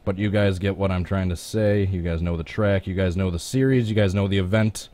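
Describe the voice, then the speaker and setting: A man's voice: low voice, fairly even intonation, brisk, dark tone. A man with a Midwestern American accent, chatting casually as a gaming live streamer who greets his viewers by name.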